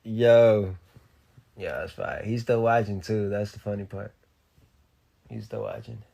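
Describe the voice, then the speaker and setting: Young guy on a phone livestream, deep gravelly voice, slow easy joking chat, can't roll his r's. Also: a little mellow. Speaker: musician on a live stream. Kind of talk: casual live-stream chat, reading comments.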